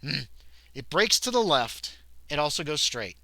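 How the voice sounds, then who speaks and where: A man running a tabletop horror game as game master, chatty and loose, now and then shouting out quick character lines. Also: on the high side, sing-song, gravelly, a little hiss or hum. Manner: chatty, breaks into loud shouted character voices.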